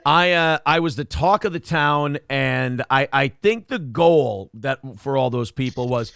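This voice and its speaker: A man's voice: medium pitch, measured pace, vocal fry, few pauses, fairly bright tone, clear, resonant tone, no echo, clean studio sound. A man hosting a casual podcast, telling stories animatedly and slipping into funny voices for the people in them. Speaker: podcast host.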